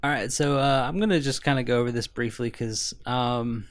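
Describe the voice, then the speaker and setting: A man's voice: mid-range voice, moderate pace, dry recording. A man co-hosting a video game podcast, easygoing and joking in casual chat. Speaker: podcast co-host.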